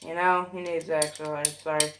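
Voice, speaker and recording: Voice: mid-range voice, little pitch movement, normal speed, fairly bright tone, slight background noise. A fan storyteller rambling through an improvised story, swearing often and correcting themselves mid-sentence. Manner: rambling, profane, self-correcting, many fillers.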